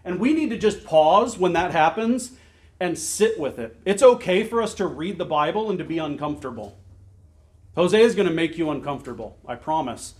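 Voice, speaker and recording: A man preaching a sermon, earnest and emphatic, repeating phrases and slowing down to stress key words. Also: fairly high pitch, animated. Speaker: pastor.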